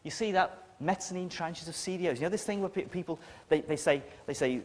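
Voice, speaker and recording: A man's voice: fairly high pitch, a little fast, hardly any pauses. A man with a northern English accent giving a talk to an audience, blunt and emphatic, with a sardonic edge. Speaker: conference speaker. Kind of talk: lecture to an audience. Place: lecture hall with an audience. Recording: long reverb of a lecture hall.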